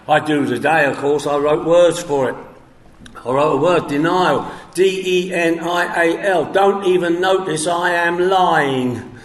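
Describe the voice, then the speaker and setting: A man telling his story at a recovery meeting, acting out the dialogue with coarse humor and sudden shouts. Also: on the high side. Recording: echoey hall with long reverb.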